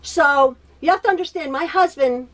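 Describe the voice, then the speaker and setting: A woman's voice: high-pitched, normal speed, fairly bright tone. A woman hosting a quilting video from her home sewing room, chatting in a rambling way, often laughing, repeating herself and stuttering. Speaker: quilting tutorial host. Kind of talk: chatty personal catch-up.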